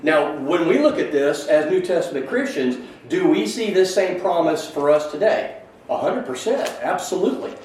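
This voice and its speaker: A man's voice: a little high, animated, moderate pace, darkish tone. A man teaching a conversational Bible class in a church classroom, thinking aloud and putting questions to the class. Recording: very echoey room, mic far off, faint hiss.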